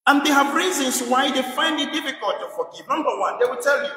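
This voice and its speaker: High-voiced preacher in an echoey church. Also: male voice, animated, moderate pace, bright, forceful tone, distant mic, a little hiss or hum. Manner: emphatic, repeating rhetorical questions. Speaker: priest. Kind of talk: sermon. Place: church in England.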